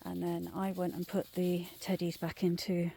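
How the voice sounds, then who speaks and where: Middle-aged woman, night-walk storytelling, hushed half-whisper, gravelly low voice. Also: completely flat delivery, normal speed, a little hiss or hum. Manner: drops often into a hushed whisper. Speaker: vlogger telling ghost stories. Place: woodland trail outdoors at night.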